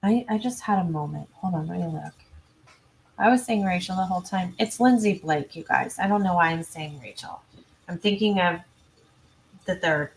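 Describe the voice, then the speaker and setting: A woman hosting a true crime livestream, chatty and self-interrupting, reading viewer comments and adding quick asides. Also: fairly low pitch, vocal fry, slight background noise. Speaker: true crime channel host. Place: home.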